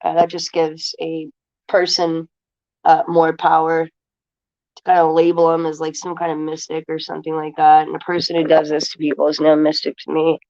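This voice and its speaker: A woman's voice: low voice, completely flat delivery, moderate pace, darkish tone, highs cut off. A woman streaming to her viewers, talking loosely and rambling, with lots of filler words as she answers chat. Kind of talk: casual rambling talk to viewers.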